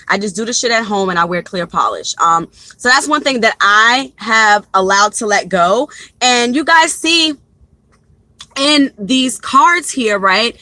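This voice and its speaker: A young woman tarot reader gives a casual live reading from a parked car into a phone, chatty and rambling as she talks straight to her viewers. Her mid-range voice is sharp, with no echo, in a rough recording.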